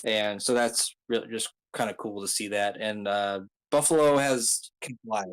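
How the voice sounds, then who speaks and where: Low-voiced man rambling through a recap. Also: fairly even intonation, normal speed, rough recording. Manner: rambling, full of ums and uhs, joking asides. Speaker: video creator recapping an anime arc. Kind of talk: casual plot recap.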